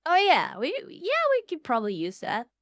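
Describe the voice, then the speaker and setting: A woman streaming casually, excitable and foul-mouthed, swinging between loud outbursts and low mumbling. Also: moderate pace, dry recording, clean studio sound. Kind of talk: casual livestream chat.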